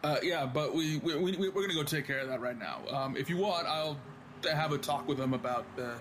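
A man's voice: fairly high pitch, fairly quick, noisy background. A man playing a tabletop role-playing game, talking hesitantly with stammering restarts. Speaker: player. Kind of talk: tabletop role-play chat.

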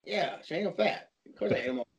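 A man's voice: on the high side, expressive, fast talker, crowd noise. A man telling a long story in casual chat, rambling, with frequent restarts and repeated words. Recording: dull lo-fi recording.

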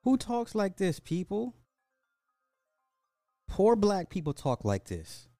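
A man's voice: sits high, huge pitch swings, slow pace, dark tone, no room sound, studio quality, faint music behind. A man hosting a social commentary podcast, speaking bluntly and often repeating rhetorical questions. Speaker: podcast host.

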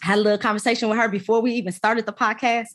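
A woman's voice: fairly high pitch, steady tone, racing. A woman hosting a podcast, exuberant and playful, hyping up her guest with slangy banter. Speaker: podcast host. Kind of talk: upbeat casual podcast hosting.

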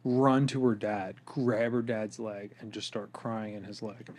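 A man co-hosting a podcast, chiming in supportively and telling a short anecdote in a relaxed, casual way. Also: fairly low pitch, unhurried. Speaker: podcast co-host. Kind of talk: casual chat.

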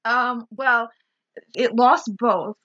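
A woman co-hosting a casual podcast chat, sarcastic and quick to swear and laugh. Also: a little high, fairly even intonation, fairly bright tone, highs cut off. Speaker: podcast co-host.

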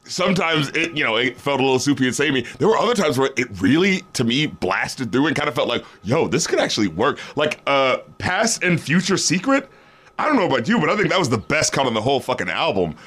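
A man's voice: mid-range voice, very animated, fast talker, a bit bright, slightly rough. A man co-hosting a podcast, chatting casually about an album, laughing often and acting out quotes with some swearing. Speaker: podcast co-host. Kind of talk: casual album review chat.

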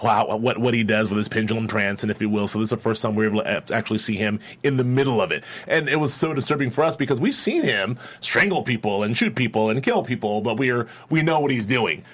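A man hosting a casual podcast chat, animated and repeating words as he thinks. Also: on the low side, fast talker, hardly any pauses. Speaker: podcast host. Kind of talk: casual chat about a TV series.

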